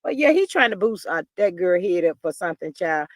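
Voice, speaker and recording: A woman's voice: lowish voice, big pitch swings, a little fast, no echo. Chatty gossiping woman host, dry close sound. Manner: chatty, drawling, peppers talk with "child". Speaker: livestream host reading chat. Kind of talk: casual gossip livestream. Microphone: livestream computer mic.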